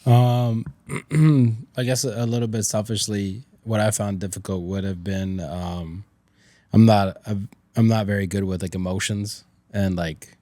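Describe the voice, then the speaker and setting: A man on a casual podcast speaks in a somewhat low voice. He is hesitant and self-deprecating and restarts his sentences often. The recording is dry, with no room sound. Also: fairly even intonation, unhurried, dark tone, dry recording.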